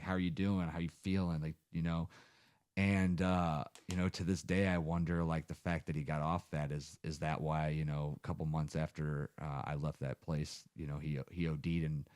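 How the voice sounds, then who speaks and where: Deep-voiced swearing male podcast host. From Ohio. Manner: rambling storyteller, heavy swearing. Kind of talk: casual chat.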